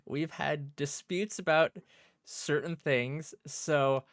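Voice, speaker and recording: A man's voice: a little high, slow, a bit bright, no echo, clean studio sound. A man hosting a podcast over a video call, asking a guest questions in a hesitant way and repeating words as he starts. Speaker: podcast host. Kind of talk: casual chat.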